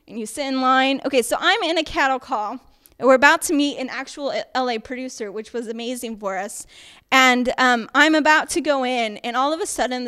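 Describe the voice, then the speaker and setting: A woman with a slightly high voice lecturing at an acting workshop. She talks chattily and emphatically, with lots of fillers and quick check-ins with her listeners. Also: pushed and bright, smooth.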